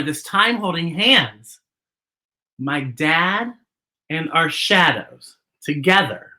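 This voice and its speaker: A woman's voice: low-pitched, bright, forceful tone. A woman hosting a children's story time, reading a picture book aloud and talking directly to young viewers at home.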